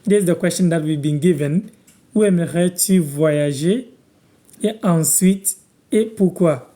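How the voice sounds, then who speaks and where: A man from Ghana teaching words on a live stream, patiently repeating each phrase slowly for viewers. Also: on the high side, dark tone. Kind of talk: live-stream language lesson, answering viewers.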